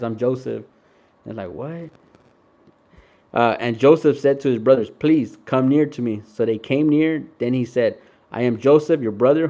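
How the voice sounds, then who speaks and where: A man's voice: medium pitch, dark tone. A young man reading scripture aloud and explaining each passage in a casual, conversational way, with lots of "like" and "right?". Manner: reads scripture aloud, then paraphrases it in casual slang. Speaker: Bible teacher. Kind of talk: casual Bible study commentary.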